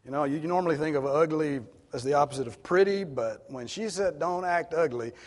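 A man's voice: a little high, brisk. A man preaching an expository sermon as pastor, teaching in an earnest, emphatic way. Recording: long reverb of a hall.

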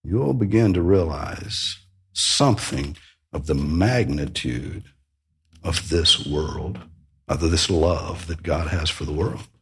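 A man's voice: rumbling low, takes it slowly, fairly bright tone. A man preaching a sermon, emphatic, with rhetorical questions and sudden rises in emphasis. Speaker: pastor.

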